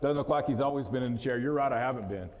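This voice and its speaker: Thirties male motivational speaker, West Texas drawl, mid pitch, casual and joking, heard in a reverberant hall. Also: very fast. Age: 30s. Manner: joking, folksy, talks straight to the crowd. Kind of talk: motivational talk to an audience. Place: event hall, live audience.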